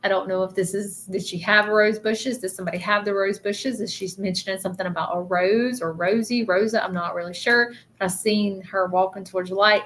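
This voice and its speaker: A woman hosting a casual live stream, talking softly and haltingly with many fillers as she gives readings to viewers. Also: medium pitch, steady tone, a little hiss or hum. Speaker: psychic medium livestreamer.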